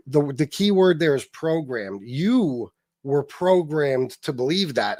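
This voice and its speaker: A man's voice: a little high, sing-song, a little mellow. Blunt, profane male livestream host. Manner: blunt and profane, quick retorts to chat. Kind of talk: casual livestream commentary, reading posts aloud.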